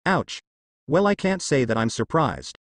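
A man's voice: mid-range voice, sing-song, a little slow, dry recording. A man reading the lines of a brash, cocky teenage boy ninja in a fan fiction story, in nearly his own voice.

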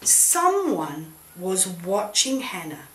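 A woman telling a children's Bible story in church, gently coaxing and asking questions of a puppet. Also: mid-range voice, sing-song, slow. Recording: roomy echo.

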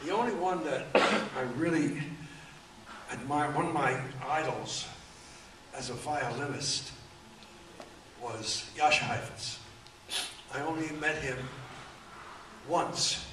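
A man in his eighties telling rambling anecdotes at a book event, halting often with fillers. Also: on the high side. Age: 80s. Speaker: author and guest. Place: event room. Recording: echoey room, distant mic, faint room noise.

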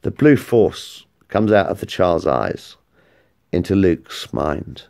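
Gravelly guy rambling thru a story, swears a lot, voice jumps all over. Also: sits low, takes it slowly. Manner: rambling, excitable, swears freely. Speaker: vlogger. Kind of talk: casual storytelling.

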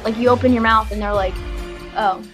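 A woman's voice: on the high side, fairly even intonation, rapid-fire, music in the background. A young woman guest chatting casually on a podcast, upbeat and talkative, often saying "like". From United States. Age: young adult.

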